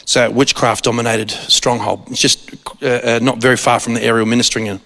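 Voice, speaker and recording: A man preaching a sermon, telling a story in an animated way with frequent restarts. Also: medium pitch, fast talker, gravelly, a little hiss or hum. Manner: animated, restarts often, acts out quoted voices. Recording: long hall reverb.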